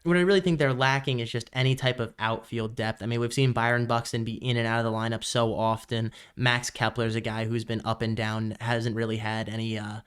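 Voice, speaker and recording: The young podcast co-host, bothered by hiccups, keeps the baseball chat easygoing and meandering, full of fillers. His mid-range voice is clear and resonant, fairly quick with few pauses.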